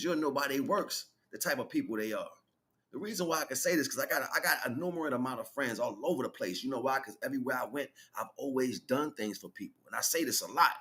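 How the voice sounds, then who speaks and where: A mid-range, fairly bright male voice carries this casual spiritual monologue. The man is hosting a livestream, rambling loosely in slang and laughing as he goes back over events.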